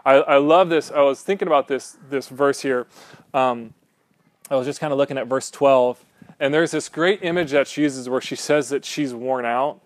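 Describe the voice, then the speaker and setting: A man's voice: medium pitch, moderate pace, no room sound. Casual preacher man, dry close sound. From Southern California. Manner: casual, animated, asks the room "right?". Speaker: pastor. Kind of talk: conversational sermon.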